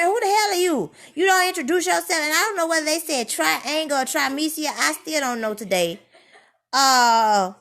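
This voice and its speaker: A woman ranting in a rambling, profane monologue, sliding from low grumbling into loud heated outbursts. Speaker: vlogger.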